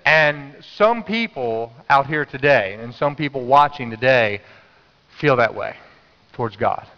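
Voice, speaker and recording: A man's voice: mid-range voice, expressive, unhurried, in a large hall, dull audio. A man preaching a sermon as pastor, telling stories in a conversational way and urging the congregation to answer back. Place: church sanctuary.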